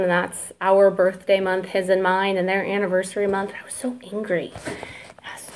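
A woman's voice: medium pitch, a little hiss or hum. A woman in her thirties giving a candid, emotional personal testimony at church, chatty and full of asides.

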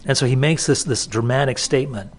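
A man's voice: medium pitch, fast talker. A man preaching an expository sermon in a conversational way, often restarting and repeating words for emphasis. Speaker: pastor.

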